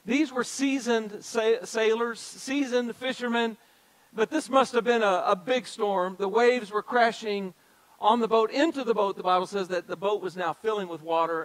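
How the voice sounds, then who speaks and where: A man's voice: sits high, a bit bright, rough recording. A man as a pastor preaching a sermon, speaking directly to the congregation and repeating key phrases for emphasis. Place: church sanctuary.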